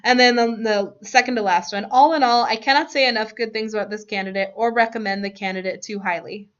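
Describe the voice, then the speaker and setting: A woman's voice: a little high, steady tone, quick pace, fairly bright tone. A woman teacher leading a classroom lesson, asking students questions and laughing often. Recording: dull lo-fi classroom recording.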